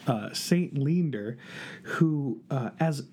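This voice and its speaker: A man's voice: mid-range voice, expressive, takes it slowly, darkish tone, a little hiss or hum. A man in his thirties co-hosting a casual Catholic chat show, laughing often and tripping over words. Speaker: co-host of a Catholic live show.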